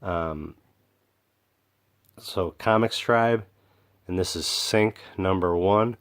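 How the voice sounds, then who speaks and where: A man casually showing off comic books in a rambling vlog, excited and full of fillers and restarts. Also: sits low, slow pace. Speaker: comic book collector vlogger. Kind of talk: casual show-and-tell vlog.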